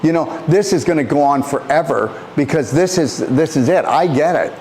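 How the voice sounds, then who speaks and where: A man, a natural health practitioner, delivering an impassioned motivational monologue, emphatic and preachy, repeating phrases and swinging his pitch up and down. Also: lively intonation, moderate pace, a little mellow, a little hiss or hum.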